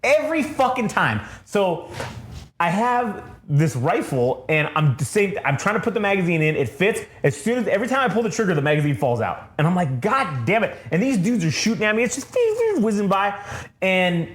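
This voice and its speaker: A man with a high voice spins a long, rambling story in casual podcast chat. He swears freely and keeps breaking into laughter. His voice echoes around a bare room. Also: big pitch swings, brisk. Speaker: podcast co-host.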